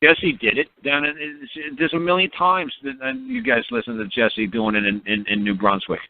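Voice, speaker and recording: A man's voice: medium pitch, vocal fry. A man rambling through a story on a phone call, repeating words and acting out quotes. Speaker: speaker on a call-in teaching line. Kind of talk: rambling casual phone talk. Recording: tinny phone line.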